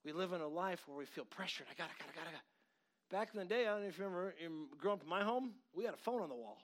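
A middle-aged man preaching with a high-pitched voice. He talks in an animated way, jumping from loud, pushing outbursts to quiet asides. He often slips into quoted voices as he tells a story. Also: very fast. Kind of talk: sermon.

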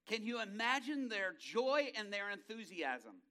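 A man preaching a sermon, telling stories dramatically and acting out the characters' voices, swinging from hushed low passages to loud excited bursts. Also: normal speed, hardly any pauses.

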